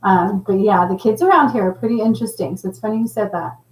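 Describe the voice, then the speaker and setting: A middle-aged woman hosting a casual livestream, chatting and reading viewer comments with a laughing, animated manner. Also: medium pitch, fast, reverberant, poor audio. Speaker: livestream host.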